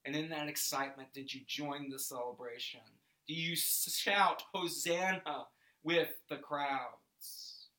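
A man's voice: fairly high pitch, steady tone, pushed and bright, echoey room. A man reading scripture and leading a guided reflection, asking listeners to picture the scene. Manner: slow, questioning, invites listeners to imagine. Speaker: devotional video host.

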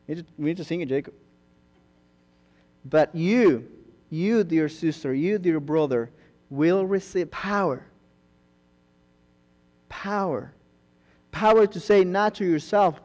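A man's voice: sits high, darkish tone. A young man preaching a sermon, earnest and rising to emphatic bursts, acting out quoted asides. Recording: long hall reverb.

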